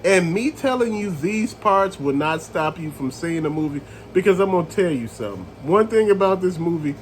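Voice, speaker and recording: A man reviewing a movie in a casual rant, retelling scenes with animated storytelling and calling his viewers family. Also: sits high, moderate pace, slight background noise, low-quality recording.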